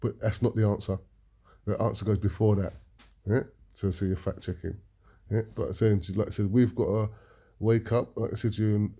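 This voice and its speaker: A British man speaks as a preacher, his voice gravelly and dark in tone. He drives his points home emphatically and often tags them with a questioning "yeah?". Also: fairly low pitch, steady tone, fairly quick. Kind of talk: impassioned talk to an audience.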